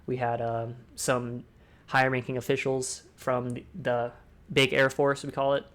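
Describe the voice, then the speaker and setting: A young man hosting a casual online talk, speaking fast and rambling, swearing freely. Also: mid-range voice, completely flat delivery, fairly bright tone. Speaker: discord talk host. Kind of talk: casual chat.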